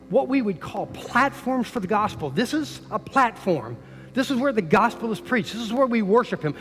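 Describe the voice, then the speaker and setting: Speaking in a large hall, a church sanctuary, an older pastor delivers a sermon full of stories in a high-pitched voice. Phrases often start with repeated words, and his volume climbs when he quotes.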